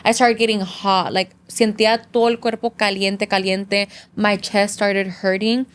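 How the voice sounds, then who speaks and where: A woman's voice: medium pitch, little pitch movement, moderate pace, smooth. A young adult woman guest, telling a story in casual chat, mixing English and Spanish, with many "like" fillers and an earnest, emotional tone. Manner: earnest emotional retelling, near tears. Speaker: podcast guest.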